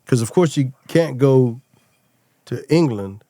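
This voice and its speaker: A middle-aged man telling stories as a podcast guest, lively and acting out the people he quotes. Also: medium pitch, slow, dry recording. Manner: animated storyteller, acts out quoted voices. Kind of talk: casual storytelling chat.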